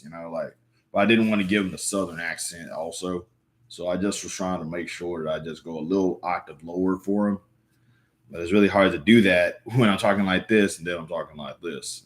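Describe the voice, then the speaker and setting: A young man chatting casually on a live stream, rambling with lots of fillers and restarts. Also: low voice. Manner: rambling, filler-heavy, self-correcting. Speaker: livestreamer reading comics aloud. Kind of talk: casual live-stream chat and comic read-aloud.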